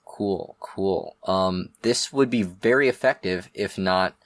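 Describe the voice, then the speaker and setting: Woman game master, very deep voice, dry close sound, calm. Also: slow, no room sound. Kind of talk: narrating a tabletop game.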